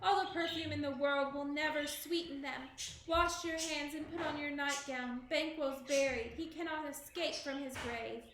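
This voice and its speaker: Lady doing a hollow wailing sleepwalking queen, high voice, echoey room. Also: steady tone, normal speed, a bit bright, slight background noise. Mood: haunted.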